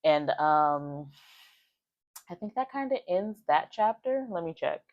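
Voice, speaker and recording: Woman, deep voice, casual book recap, filler-heavy, dry close sound. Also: animated, slow pace, no room sound, muffled recording. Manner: chatty, with many "like" fillers, acting out quoted lines. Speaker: book reviewer.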